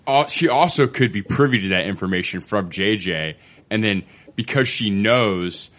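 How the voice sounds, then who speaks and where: A man with a very low voice co-hosting a casual fan podcast. He is agreeable and chimes in often with quick words of support. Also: expressive, a bit bright. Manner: agreeable, chiming in with quick backing. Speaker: podcast co-host.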